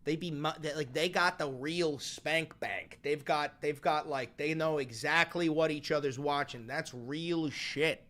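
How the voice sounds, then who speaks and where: Male streamer host, fairly high voice, crude and profane reaction talk. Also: unhurried, hardly any pauses. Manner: crude, animated, swearing a lot. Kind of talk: casual profane reaction commentary.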